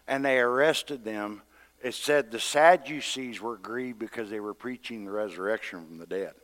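Speaking in a mid-range, fairly bright voice, this pastor tells his sermon like a story, chatting with his congregation and voicing the characters' words himself. The sound carries a long hall reverb.

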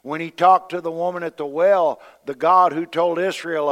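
Preacher, male, slightly high voice, conversational sermon delivery with acted-out quotes, long hall reverb. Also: fairly even intonation, normal speed, hardly any pauses. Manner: conversational preaching, acting out quoted voices, swings between loud and soft.

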